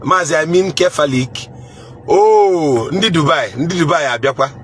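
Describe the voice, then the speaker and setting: A man's voice: a little high, expressive, normal speed, fairly bright tone, slight background noise. A man with a Nigerian accent hosting a casual live chat, reading viewer comments in a playful way, chuckling and repeating phrases.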